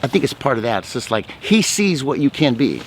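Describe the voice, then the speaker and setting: A man's voice: mid-range voice, sing-song, fairly quick, slight background noise. Talkative, outgoing man sharing faith stories. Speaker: ministry speaker. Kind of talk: faith testimony talk.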